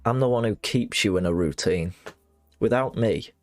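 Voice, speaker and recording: A man commentating live gameplay, excitable, swearing and shouting at the game. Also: fairly low pitch, normal speed. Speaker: game streamer. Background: game music.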